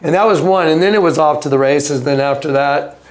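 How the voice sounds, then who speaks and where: Speaking fairly quickly in a voice on the high side, a man rambles through a casual story as an interview guest. He restarts often, drifts into asides, and performs other people's words in a raised voice.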